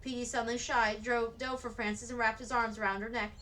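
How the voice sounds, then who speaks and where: A woman reads a children's novel aloud at a steady pace. Her voice is bright and sits a little high. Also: fairly quick, poor audio. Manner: steady storybook reading. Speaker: read-aloud narrator.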